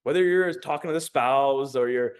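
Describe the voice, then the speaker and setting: In a smooth, mid-range voice at normal speed, a young adult communication coach delivers an easygoing pep talk. He curses liberally and brings his stories to life by acting out what people said.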